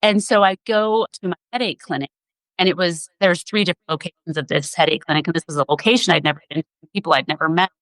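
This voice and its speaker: A woman's voice: lowish voice, quick pace, a bit bright, dry recording, low-quality recording. A woman physician assistant, a podcast guest, telling a personal story in an earnest, emotional way.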